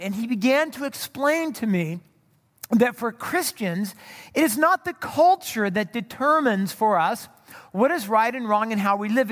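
A man's voice: extremely high pitch, a bit bright, long reverb tail. A man from Southern California giving a sermon as a pastor, telling a story in a conversational way, full of fillers and restarts.

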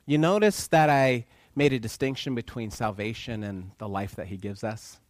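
A man's voice: mid-range voice, normal speed, no echo. A man preaching a sermon, asking the congregation questions and acting out voices in quotes. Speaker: pastor.

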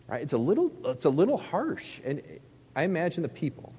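A man's voice: fairly high pitch, wildly swooping pitch, fairly quick, mellow, husky, in a large hall. A middle-aged male pastor preaching a sermon in a conversational, joking way, with rhetorical questions to the crowd.

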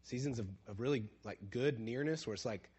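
A man preaching a conversational sermon who asks his listeners questions, drops to a hush and then builds to emphatic points. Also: mid-range voice, fairly quick, breathy edge, highs cut off. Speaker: pastor.

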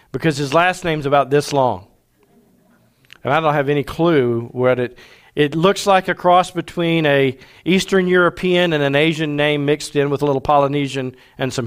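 A man preaching a sermon, folksy and conversational, slowing down for emphasis and speeding through asides. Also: a little high, clear, resonant tone. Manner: folksy, varies pace from slow emphatic to rapid asides. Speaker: pastor. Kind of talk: sermon with storytelling.

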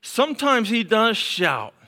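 Middle-aged male pastor, high and bright, preaching in repeated emphatic lines that fall to hushed tones. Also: big pitch swings, slow pace. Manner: emphatic repetition, drops to soft murmurs. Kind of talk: sermon.

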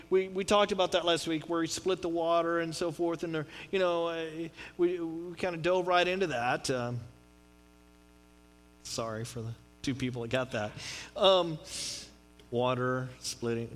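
A middle-aged man preaching a sermon in a conversational, joking way, with swings from loud to quiet. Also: fairly high pitch, a little slow, faint music behind. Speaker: pastor.

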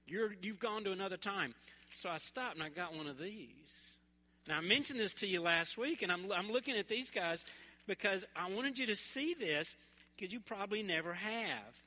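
A man from West Tennessee, preaching a sermon in a relaxed, conversational, humorous storytelling way. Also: high-pitched, normal speed. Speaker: pastor. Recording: echoey hall.

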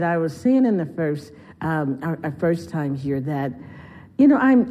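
A woman's voice: lowish voice, dark tone. A woman giving a heartfelt, conversational sermon as a guest speaker in a church. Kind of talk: sermon storytelling.

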